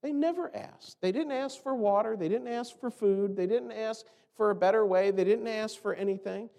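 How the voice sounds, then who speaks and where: A man's voice: high voice, fairly even intonation, moderate pace, gravelly, darkish tone, long reverb tail. A man preaching a sermon in a conversational way, asking rhetorical questions and acting out the complaints he quotes. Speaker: pastor.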